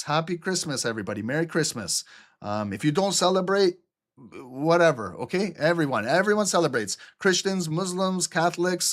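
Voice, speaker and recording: A trading instructor from Albania runs a live lesson over a screen share in a fairly high voice. He is animated and chatty, repeatedly saying "okay?" and "look," with the occasional swear word.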